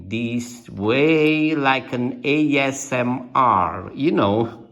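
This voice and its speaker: A man with an Italian accent teaching an Italian lesson, speaking slowly and deliberately with many fillers and restatements. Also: medium pitch, fairly bright tone, muffled recording. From Italy. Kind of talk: slow language lesson.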